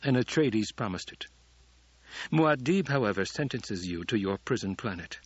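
A man's voice: fairly low pitch, lively intonation, moderate pace, slightly rough, no room sound, muffled recording. A man voicing a commanding, calculating young male ruler with clipped delivery.

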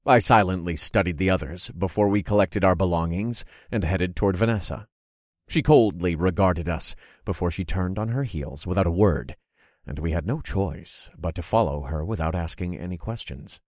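A man narrating a fantasy story in first person, steady and expressive. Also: low-pitched, moderate pace, dry recording, studio quality. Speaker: audiobook narrator.

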